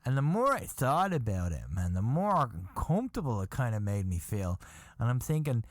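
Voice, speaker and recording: A man hosting a podcast, telling a comic story in a rambling, animated way and swearing casually. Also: medium pitch, moderate pace, dry recording. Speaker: podcast host.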